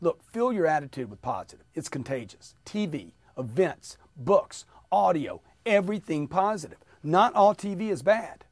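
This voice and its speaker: An emphatic man leads a motivational sales training, pushing his listeners to repeat upbeat phrases after him. His voice sits a bit high for a man. The sound is dry and close, with no room echo. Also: moderate pace, few pauses. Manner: energetic, emphatic, coaching the audience to repeat.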